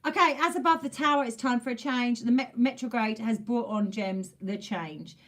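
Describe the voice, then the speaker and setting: Her voice is on the high side and fairly bright, moving at a moderate pace. Talking directly to camera, this tarot reader gives a chatty, casual reading, hammering points home through repetition and slipping in a mild curse now and then.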